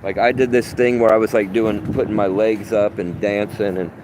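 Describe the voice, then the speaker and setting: A man's voice: lowish voice, fairly even intonation, normal speed. Profane rambling man, windy outdoor mic. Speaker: livestreamer. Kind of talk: rambling live monologue. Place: outdoors under open sky. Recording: wind noise on the mic.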